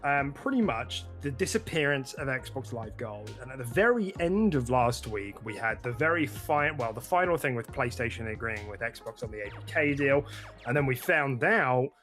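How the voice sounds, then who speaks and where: A man's voice: mid-range voice, expressive, moderate pace, fairly bright tone, soft background music. A young man co-hosting a casual gaming podcast, chatty, with lots of fillers and restarts. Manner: chatty, laughs often, frequent fillers and restarts. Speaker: podcast co-host.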